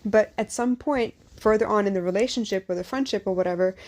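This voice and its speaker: A woman's voice: medium pitch, fast, a little mellow. Candid woman podcasting late at night. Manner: candid, conversational, personal storytelling. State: tired at three in the morning. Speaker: podcast host and life coach. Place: living in Singapore.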